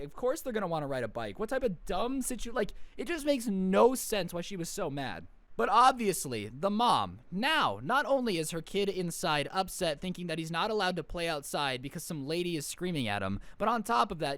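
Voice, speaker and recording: High-voiced young guy riffing a storytime. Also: no room sound. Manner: animated, slangy, riffing asides. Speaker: storytime vlogger. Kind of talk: casual storytime vlog.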